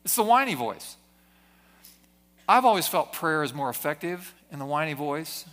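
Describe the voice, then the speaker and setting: Male pastor, sermon delivery, earnest, repeats phrases, bright tone. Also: fairly high pitch, very animated, moderate pace. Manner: earnest preaching with frequent word repetitions. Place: church service.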